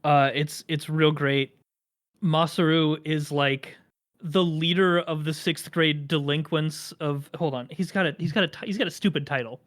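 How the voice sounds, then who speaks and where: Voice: medium pitch, fairly even intonation, normal speed. Rambling podcast host with dry jokes. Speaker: podcast host explaining a franchise's lore. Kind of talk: casual podcast chat.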